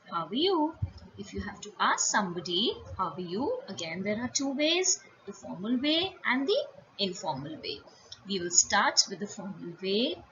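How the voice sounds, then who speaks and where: A woman teaching a French lesson, speaking slowly and carefully and repeating and spelling out each phrase. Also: fairly high pitch, sharp tone. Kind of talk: slow spoken language lesson. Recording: dull lo-fi sound with faint room noise.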